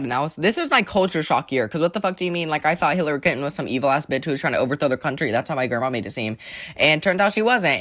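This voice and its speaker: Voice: medium pitch, a bit bright. A teenager from Alabama doing a draw-my-life storytime, chatty and rambling, swearing often and distracted while drawing. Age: teens. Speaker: creator.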